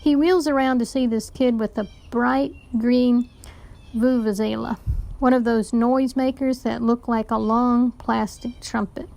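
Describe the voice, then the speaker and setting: A woman's voice: fairly high pitch, steady tone, measured pace, creaky, mellow. Woman reading a children's novel aloud. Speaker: teacher reading aloud to a class.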